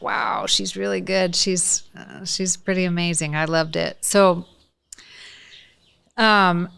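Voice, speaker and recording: Chatty, effusive woman host, smooth low voice. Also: fairly bright tone, no room sound. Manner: effusive, praising, chatty with restarts. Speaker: podcast host. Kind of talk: conversational interview.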